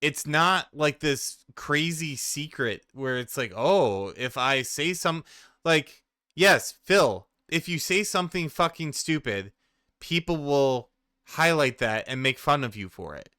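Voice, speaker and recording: A man's voice: fairly high pitch, lively intonation, slow pace, bright, forceful tone, clear, resonant tone, dry recording, clean studio sound. A man in his forties doing reaction commentary, ranting in exasperation with plenty of profanity. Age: 40s. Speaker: commentary streamer.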